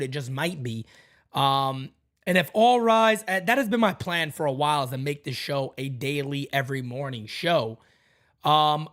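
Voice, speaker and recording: A man hosting a live fan morning show, hyping up and greeting viewers by name, then dropping his voice low to talk seriously. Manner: hyped shout-outs to chat, drops low when serious. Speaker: podcast host.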